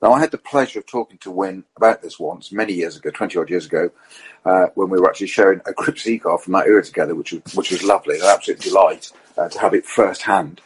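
Husky-voiced man telling racing stories. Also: deep voice, fast, rough recording. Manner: animated storyteller, acts out quotes. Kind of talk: anecdotal podcast chat.

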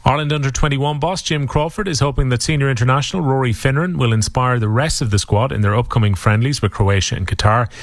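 A man's voice: medium pitch, quick pace, few pauses, no room sound. Male sports newsreader, dry studio sound. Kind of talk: scripted sports bulletin.

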